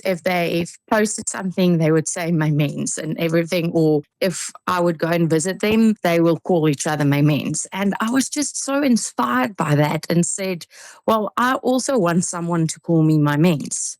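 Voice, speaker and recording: A woman's voice: fairly low pitch, dry recording. South african young woman on breakfast radio, laughs a lot, chatty, dry close mic. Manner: giggly, chatty, with frequent fillers and restarts. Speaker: singer-songwriter guest. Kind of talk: radio interview. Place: radio studio.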